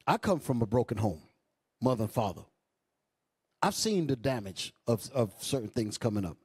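A male bishop preaching a sermon with impassioned bursts and low asides, calling out to the congregation. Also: darkish tone, husky, dry recording. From New York. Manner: calls out to the congregation. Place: church hall.

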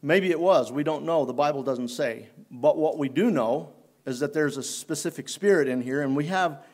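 Slightly high-voiced preacher. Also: male voice, a little mellow. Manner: unhurried, halting delivery with many restarts. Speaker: pastor. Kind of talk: sermon. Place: church.

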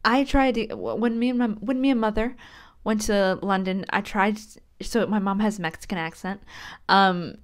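A woman's voice: medium pitch, fairly even intonation, normal speed. A woman chatting casually as she reacts to a video, giggly and talkative.

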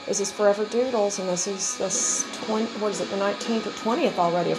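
A woman's voice: medium pitch, fairly even intonation, fast, over music. A middle-aged woman, a dog breeder chatting casually through a home video and talking baby talk to her dogs. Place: house, indoors.

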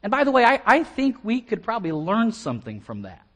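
An American man preaching an expository sermon as pastor, animated and often repeating words as he starts a phrase. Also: sits high, fairly quick. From United States.

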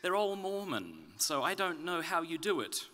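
A man from Australia with an Australian accent softened toward British, giving a conference talk with dry, self-deprecating humor. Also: on the high side, sing-song, normal speed, noisy background. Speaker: conference speaker. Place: conference venue.

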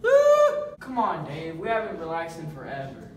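A man's voice: fairly high pitch, animated, normal speed, distant mic, a little hiss or hum. A teenage boy playing a reckless party-loving guy who whoops and urges others to join in. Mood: hyped. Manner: hyped, whooping. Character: male party-loving dealer, hyped and reckless. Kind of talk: teen drama project. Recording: echoey, off-mic, loud music.

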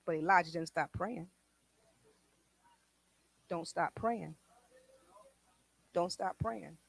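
A woman a sermon, testifying with swings from quiet talk to shouted praise. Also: on the low side, slow pace, vocal fry, breathy edge, dry recording. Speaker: preacher.

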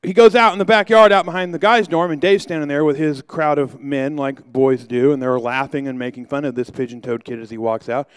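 A middle-aged male pastor with a smooth, resonant voice, recorded close and dry. He spins a humorous anecdote from the pulpit in a relaxed, rambling way, full of asides. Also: a little high, brisk, hardly any pauses, dry recording. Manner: humorous, anecdotal, loose with fillers. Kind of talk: storytelling sermon.

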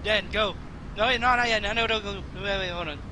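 A man's voice: high-pitched, a little fast, heavy background noise. A man chatting casually while playing a game, giving orders, swearing and laughing. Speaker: game player. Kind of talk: casual gaming chat.

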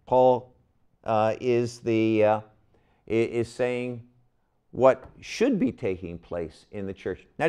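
An older man gives a Bible lesson at an unhurried pace, his voice rising and falling in a lively way. He puts questions to his class and leans hard on the words he wants them to catch. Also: mid-range voice, smooth. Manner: animated, asks the class questions, stretches key words. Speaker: Bible teacher.

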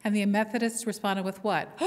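A woman's voice: fairly low pitch, brisk, slight background noise. A woman pastor preaching a sermon with playful storytelling, drawing call-and-response from her congregation. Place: church sanctuary. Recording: long hall reverb in church.

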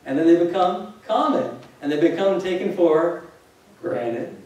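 A man's voice: on the high side, lively intonation, measured pace, a little mellow. Male pastor, conversational jokey sermon, heard from a distance in a big echoey room. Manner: conversational, jokey preaching with rhetorical questions to the congregation. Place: church hall. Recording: echoey hall, distant mic.

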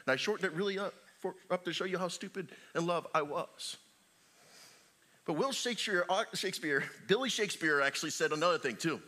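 A middle-aged man preaching in a church sanctuary, his voice pitched high and sharply bright. He jokes with the congregation and leaps between booming calls and hushed asides. His delivery is wildly expressive, rising and falling all through. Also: fast. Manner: animated, joking preacher with big swings in loudness. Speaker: pastor. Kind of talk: sermon.

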